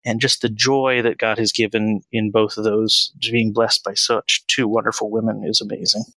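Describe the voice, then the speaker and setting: A man in his thirties, a financial planner as podcast guest, speaking in an earnest, measured and reflective way. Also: on the low side, flat delivery, bright, forceful tone, no room sound, rough recording. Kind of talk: conversational interview.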